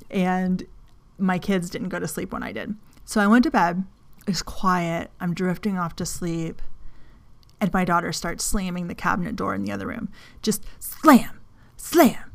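A middle-aged woman hosting a self-help podcast, talking frankly and casually, telling a personal story with laughs and the odd swear. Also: medium pitch. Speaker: podcast host and coach.

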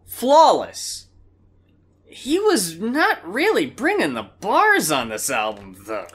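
A man's voice: high-pitched, wildly swooping pitch, slow, fairly bright tone, slightly rough. A man co-hosting a casual music review chat, emphatic and blunt, swearing freely. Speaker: music review podcast co-host.

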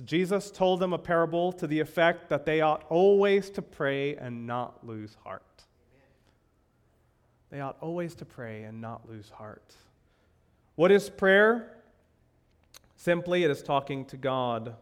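A male pastor giving a sermon in a church, speaking conversationally and repeating key phrases, rising in pitch for emphasis. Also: clear, resonant tone.

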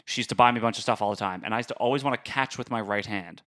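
A man's voice: fairly low pitch, racing, a bit bright. A man co-hosting a podcast in casual chat, teasing his friend and reading out facts. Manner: teasing, jokey, reads facts aloud. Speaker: podcast co-host.

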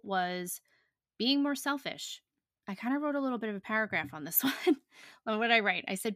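A young adult woman chats on her podcast, blunt and profane, tossing in fillers as she goes. Her voice is bright and forceful at a middle pitch. The sound is close and dry. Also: no room sound. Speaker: podcast host. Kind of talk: casual chat.

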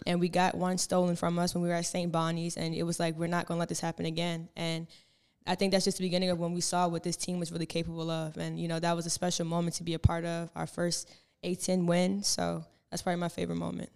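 A young woman, a college basketball player, answering interview questions in a calm, reflective way with many filler words. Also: lowish voice, fast talker, gravelly, clean tone. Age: young adult. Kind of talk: casual interview.

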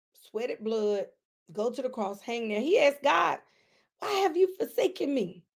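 A woman preacher giving a conversational sermon, emphatic and talking straight to her listeners, swinging between loud emphasis and quiet asides. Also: high voice. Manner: emphatic, addresses listeners directly.

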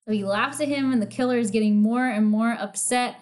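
Chatty woman with a high voice. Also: fairly quick, darkish tone. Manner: swears freely, laughs often, acts out quotes. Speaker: podcast co-host. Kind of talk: casual chat recapping a TV episode.

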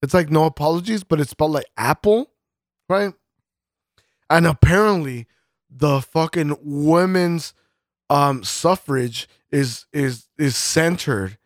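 A man's voice: mid-range voice, dry recording, studio quality. Foul-mouthed rambling podcast man. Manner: profane, rambling, full of fillers and restarts. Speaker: podcast co-host. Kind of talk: casual podcast chat.

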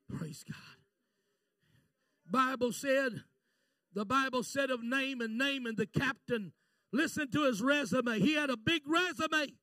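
A middle-aged man preaching a fervent Pentecostal sermon, swinging from shouts to hushed storytelling. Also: very high voice, measured pace, pauses often, no echo. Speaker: visiting preacher.

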